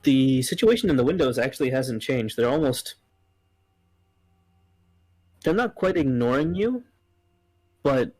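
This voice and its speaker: A man's voice: mid-range voice, lively intonation, a little slow, long pauses, darkish tone, no echo, rough recording. A man narrating as game master in a loose, casual way, full of fillers.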